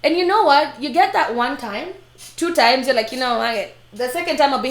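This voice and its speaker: A woman's voice: sits high, moderate pace. A woman hosting a live stream, chatting casually and acting out the voices of people in her stories. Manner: animated storytelling, acts out quoted voices. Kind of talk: casual chat. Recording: roomy echo.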